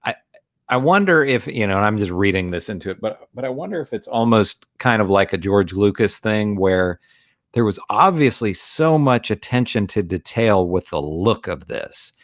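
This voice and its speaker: A man with a very deep voice co-hosts a casual film chat, recorded dry and close. He talks in a thoughtful, hedging way, with many small fillers. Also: lively intonation, moderate pace, no echo. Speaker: podcast co-host.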